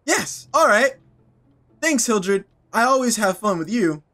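A man's voice: high-pitched, very animated, a little slow, pushed and bright, voice pushed up, heavily acted. A man voicing a simple, timid young village man in a video game, reading his lines with eager, easily frightened energy. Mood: grateful.

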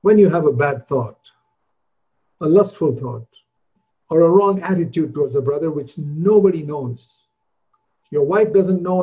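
An older man preaching, earnest and conversational, his pitch lifting on the points he wants to land. His voice is warm and mellow. The recording sounds a little dull and muffled. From India. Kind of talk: sermon.

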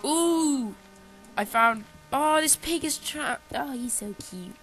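A man's voice: very high-pitched, expressive, takes it slowly, a bit bright, low-quality recording. Joking guy gaming with a cold. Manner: joking, teasing, rambling. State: has a cold. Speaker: gameplay co-host. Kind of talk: casual gameplay chat.

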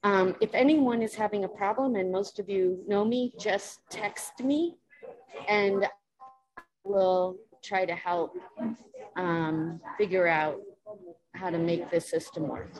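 A woman council member making casual, halting remarks with fillers during a remote hearing. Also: medium pitch, low-quality recording. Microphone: remote video call.

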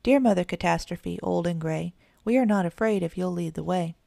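Woman reading earnest little boy kitten, gravelly edge, storybook. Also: lowish voice, moderate pace, mellow, dry recording, studio quality. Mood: eager. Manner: eager and earnest.

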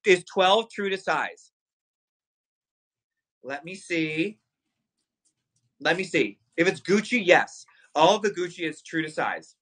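A man hosting a live shopping stream, excitedly hyping luxury items and talking straight to his viewers. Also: on the high side, takes it slowly, long pauses, slightly rough, poor audio. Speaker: livestream shopping host. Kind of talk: live sales stream chat.

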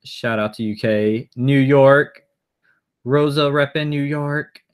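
A man's voice: mid-range voice, slow pace, clean tone. A man chatting casually on a live stream, rambling and answering viewer comments aloud as he goes.

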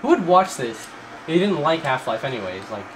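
A man's voice: fairly high pitch, fairly quick, background noise. Sarcastic man ranting over a game. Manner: mocking, profane, bursts of fake excitement and yelling at enemies. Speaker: gameplay commentator. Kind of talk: sarcastic let's-play commentary.

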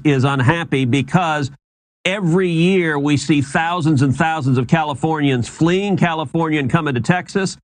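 A politician being interviewed, giving indignant talking points with stammering restarts. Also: male voice, on the high side, dry recording.

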